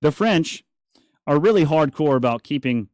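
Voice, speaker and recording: A man's voice: fairly high pitch, expressive, normal speed, a little mellow, dry recording, studio quality. A man hosting a talk radio show, chatty and opinionated with joking asides. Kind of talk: casual talk radio monologue. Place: radio studio.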